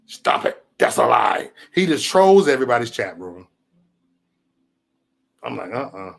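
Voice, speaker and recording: A man's voice: mid-range voice, very animated, a little slow, creaky. A man hosting his own livestream, talking in a loose, profane, rambling way and telling stories with a lot of animation. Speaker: livestream host. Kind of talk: casual livestream rant.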